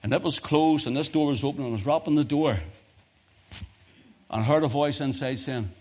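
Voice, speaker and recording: A male preacher giving a sermon full of personal testimony stories, talking in an animated way that swings from loud emphasis to hushed tones. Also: a little high, fairly quick.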